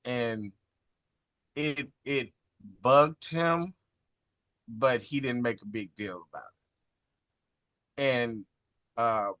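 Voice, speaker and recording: A man co-hosting a podcast, chatting casually in a slow, measured, thoughtful way. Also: mid-range voice, pushed and bright, dry recording. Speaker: podcast co-host. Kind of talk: casual chat.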